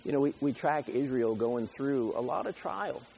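A man's voice: medium pitch, expressive, moderate pace, vocal fry, a little mellow, a little hiss or hum, low-quality recording. A middle-aged man preaching a sermon in a conversational, joking way, full of rhetorical questions. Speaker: pastor.

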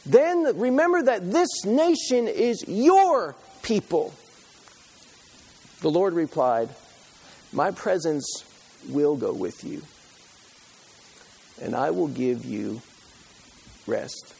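A man's voice: sits high, big pitch swings, slow pace, vocal fry, long pauses, husky. A man preaching a sermon, reading scripture aloud and retelling it with passion, pleading at times and dropping to a near whisper at others. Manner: impassioned, pleading when voicing Moses, dropping to a hush.

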